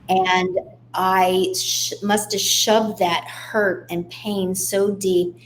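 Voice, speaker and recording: Woman guest talking openly about her past, mid-pitched, faint hum behind her. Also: slow pace. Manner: candid, steady personal storytelling. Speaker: guest author. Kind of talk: interview storytelling.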